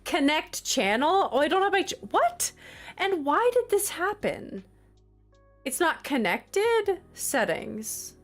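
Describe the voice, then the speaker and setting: A woman's voice: high voice, very animated, slow pace, faint music behind. A woman streamer chatting casually on a livestream, flustered, exasperated and apologetic.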